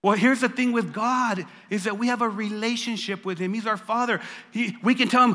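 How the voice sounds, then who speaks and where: A man's voice: high voice, steady tone, normal speed, bright, forceful tone. An older man preaching a sermon as pastor, emphatic and repeating phrases for stress. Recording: long reverb of a large hall.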